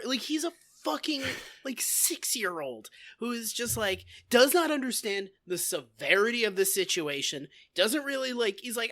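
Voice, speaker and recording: A woman's voice: medium pitch, sing-song, moderate pace, bright, forceful tone. A woman co-hosting a podcast in casual chat, profane, sardonic and playful. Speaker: podcast co-host.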